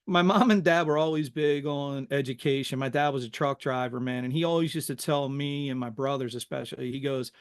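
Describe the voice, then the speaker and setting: A middle-aged man from Philadelphia, a podcast guest telling stories from his youth in a lively, casual way and tacking "man" onto most sentences. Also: medium pitch, a little fast, hardly any pauses, smooth. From Philadelphia, USA. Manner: animated, says "man" constantly. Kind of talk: casual storytelling interview.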